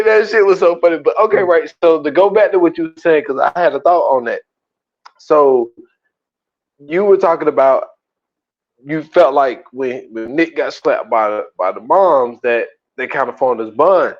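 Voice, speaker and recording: A man's voice: fairly high pitch, moderate pace, lo-fi sound. A man co-hosting a casual movie podcast, acting out scenes with lots of laughter. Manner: animated storyteller who acts out scenes and laughs a lot. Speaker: podcast co-host. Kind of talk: casual movie-review chat.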